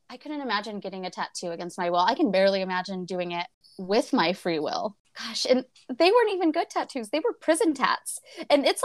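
A woman's voice: a little high, dry recording, clean studio sound. A woman co-hosting a podcast, chatting casually about a book, swearing and laughing often. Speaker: podcast co-host.

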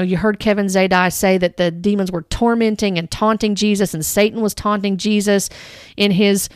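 A woman's voice: medium pitch, clean tone, dry recording, clean studio sound. Earnest woman rebutting a teaching. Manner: earnest, reads quotes aloud then rebuts them. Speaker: Christian commentator. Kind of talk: critical teaching commentary.

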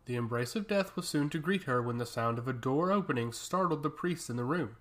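A man narrating a fantasy story with a steady, dramatic reading. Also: mid-range voice, fairly quick.

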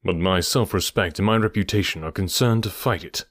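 Man doing a calm detective, deep, quiet, measured, dryly assured, audiobook. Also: dry recording, studio quality. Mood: reasoning calmly. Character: calm, cool-headed male detective, middle-aged. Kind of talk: audiobook character reading.

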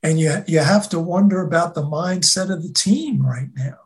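A college football co-host talking in a deliberate, halting way, often repeating words as they start. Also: medium pitch. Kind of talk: casual sports talk.

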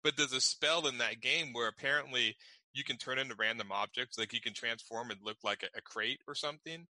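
A man co-hosting a casual gaming chat, telling funny stories in a relaxed way. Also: mid-range voice, brisk, dry recording. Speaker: podcast co-host.

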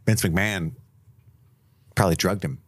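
A man's voice: sits low, fairly even intonation, moderate pace, husky. A man co-hosting a podcast in casual chat, recapping a movie with wry, profane remarks. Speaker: podcast co-host.

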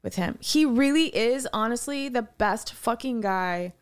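A woman co-hosting a podcast, telling animated, rambling anecdotes in casual chat. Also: a little high, unhurried, smooth. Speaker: podcast co-host.

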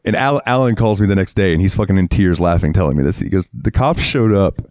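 Low-voiced profane storytelling man. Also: expressive, fast, darkish tone, no room sound, studio quality. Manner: profane, heated storyteller acting out quotes. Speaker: podcast co-host. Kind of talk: casual storytelling chat.

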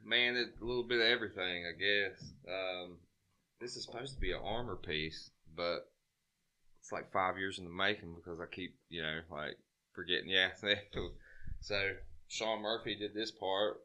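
A man's voice: low voice, normal speed, pushed and bright, muffled recording. A middle-aged man in casual chat, laid-back and laughing often as he talks.

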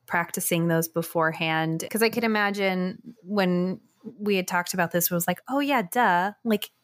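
A woman in her thirties hosting a casual podcast chat, thinking out loud in an animated way with lots of "like". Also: lowish voice, moderate pace, no room sound, studio quality. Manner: animated, thinking aloud with many "like"s. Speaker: podcast host.

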